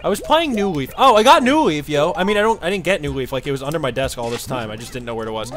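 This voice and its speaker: A young man giving casual, profane commentary while streaming a game, with frequent loud outbursts. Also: mid-range voice, lively intonation, very fast. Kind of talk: casual live gameplay commentary.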